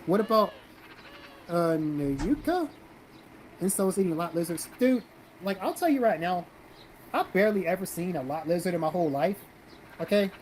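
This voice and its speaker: A man's voice: sits high, expressive, moderate pace, long pauses, darkish tone, a little hiss or hum, poor audio. A man from South Carolina hosting a casual livestream, reading viewer comments aloud and answering them bluntly with plenty of swearing. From South Carolina, American South. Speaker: livestream host reading chat.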